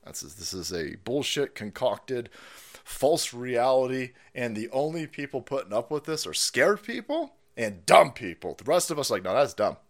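A man hosting a livestream, ranting with heavy profanity and mockery, swinging from loud outbursts to low mutters. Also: sing-song, normal speed. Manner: profane, mocking, swings between shouting and muttering, laughs often. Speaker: livestream host. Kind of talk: ranting live commentary.

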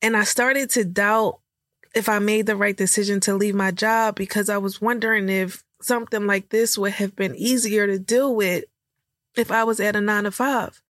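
A woman's voice: medium pitch, fairly even intonation, moderate pace, a bit bright, dry recording. Tearful young woman on a dry podcast mic. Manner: emotional, rambling, filler-heavy storytelling. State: tearful, choked up. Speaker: podcast host. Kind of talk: candid personal podcast talk.

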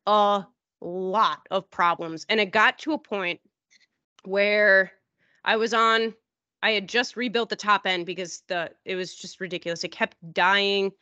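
A woman's voice: steady tone, a little slow, pushed and bright, no room sound. Rambling woman, dull dry recording. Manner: rambling, acts out quoted people in a higher voice. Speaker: podcast host. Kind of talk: casual storytelling chat.

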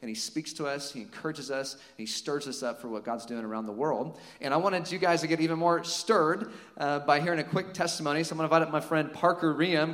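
Casual pastor in a reverberant hall. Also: male voice, on the high side, brisk, slight background noise. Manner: casual, warm-hearted, many fillers like "you know" and "like". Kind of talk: church announcements and exhortation. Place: church sanctuary.

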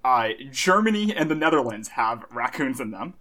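A man in a casual group chat, talking in a bubbly, animated way full of fillers. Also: medium pitch, normal speed. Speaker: podcast co-host.

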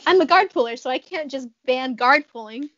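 A woman's voice: high voice, animated, a little fast, a bit bright, lo-fi sound. A young woman chatting as a podcast guest, giggling often and searching for words. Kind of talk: casual chat.

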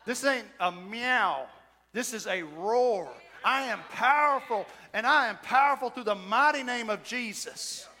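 High-voiced preacher whooping. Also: male voice, unhurried. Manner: preaching with shouted whoops and emphatic repetition. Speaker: pastor. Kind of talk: sermon. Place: church sanctuary. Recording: church hall reverb.

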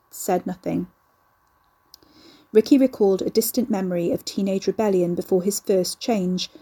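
A woman narrating an audiobook in an even, measured reading. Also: medium pitch, breathy edge.

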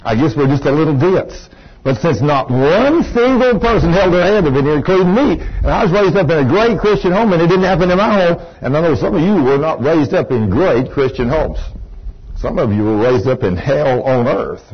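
A man's voice: on the high side, expressive, moderate pace, slightly rough, muffled recording. An older man preaching a sermon in a church, telling a personal story with emphatic exclamations. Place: church room with congregation.

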